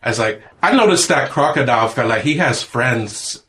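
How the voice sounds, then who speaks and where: A man's voice: mid-range voice, expressive, normal speed, pushed and bright. A man voicing a naive, friendly shapeshifting space creature with a put-on Australian accent, cheery and childlike. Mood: delighted.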